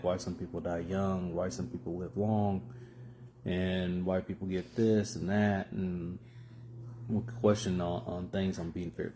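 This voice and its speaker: A male preacher gives a short devotional Bible reading and reflection in a conversational way, with fillers and restarts. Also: low voice.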